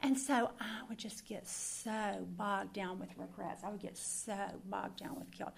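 Gravelly-voiced woman giving testimony. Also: mid-range voice, steady tone, a little slow. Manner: earnest, emphatic, confiding, repeats words for stress. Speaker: Christian speaker. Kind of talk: personal testimony sermon.

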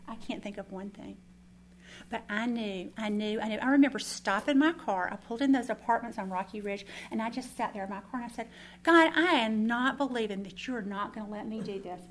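A woman leading a Bible study, telling a lively personal testimony and then praying. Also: mid-range voice, a little hiss or hum. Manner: animated, chatty storytelling with asides.

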